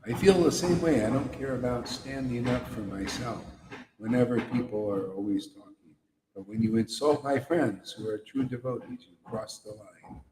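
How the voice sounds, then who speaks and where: A man's voice: mid-range voice, moderate pace, noisy background. A man giving a fervent, playful devotional talk, laughing often. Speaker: devotional speaker. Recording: roomy hall reverb.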